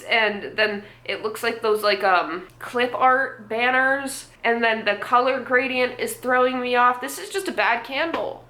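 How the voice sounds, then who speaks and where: A woman's voice: medium pitch, sharp tone. A young woman vlogger giving blunt, sarcastic commentary, swearing and laughing often. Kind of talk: casual commentary. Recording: echoey room.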